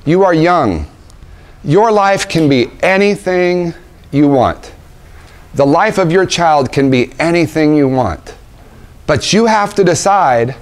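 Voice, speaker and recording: A man's voice, on the high side, carries an obstetrician's emphatic motivational talk to a roomful of young parents. He leans on rhetorical questions and repetition, speaking in a conference room with an audience.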